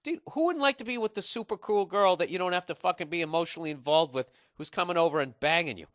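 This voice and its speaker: A man's voice: sits high, quick pace, a bit bright, dry recording, clean studio sound. A man in his forties hosting a podcast, giving blunt, profane advice in a rambling comic rant. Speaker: podcast host. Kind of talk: casual comedic advice rant.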